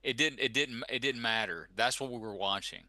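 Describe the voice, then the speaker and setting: A man's voice: medium pitch, brisk, pushed and bright, no echo. A middle-aged man co-hosting a podcast, reminiscing in casual chat with frequent restarts. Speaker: podcast co-host.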